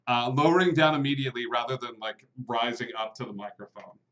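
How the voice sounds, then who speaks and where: A man of mid pitch narrates a tabletop game as game master. He talks in halting stretches full of "uh" and "like". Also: fairly bright tone. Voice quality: hesitant, full of fillers.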